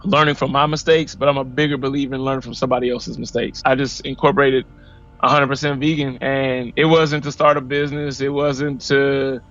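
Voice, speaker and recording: Man, 40s, from Missouri, podcast guest, animated personal story, acts out quotes, muffled audio, faint music. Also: mid-range voice, brisk. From Missouri, USA.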